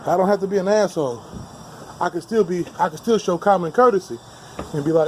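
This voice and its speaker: A man's voice: high voice, brisk, darkish tone, slight background noise. A man giving a blunt, heated, profane rant to camera outdoors, heavy with street slang. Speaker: vlogger. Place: outdoors on steps.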